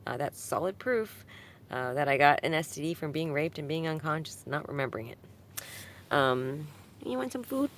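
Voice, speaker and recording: A deep-voiced woman talks at normal speed in a casual, rambling vlog monologue at home with her cat, answering a comment. Full of ums and likes, she swings from subdued to heated. There's a little hiss or hum on the recording.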